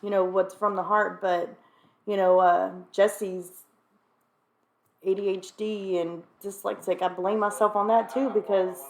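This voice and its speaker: A woman speaks candidly in a relaxed sit-down conversation with her sister. Her voice sits at an ordinary middle pitch. She talks frankly and openly, breaking into laughter now and then and often clearing her throat. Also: a little slow. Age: adult, mother of a child. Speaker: sister sharing her recovery story. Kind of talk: candid conversation about addiction.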